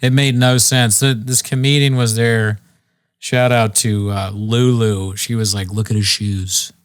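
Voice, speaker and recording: A man hosting a comedy podcast, talking in a relaxed, storytelling way with casual swearing. His voice is mid-pitched and sits close and dry, with no room sound around it. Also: unhurried, clean tone, no room sound. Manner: laid-back, swears casually, laughs at his own stories.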